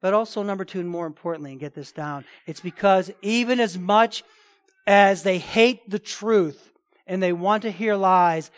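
Male pastor, sermon, high voice, emphatic, repeats and restarts. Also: normal speed, smooth. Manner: emphatic, repetitive, with frequent restarts.

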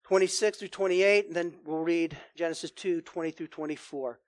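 A pastor preaching a sermon and reading scripture, earnest and emphatic on key words. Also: male voice, on the high side, steady tone, moderate pace, no room sound.

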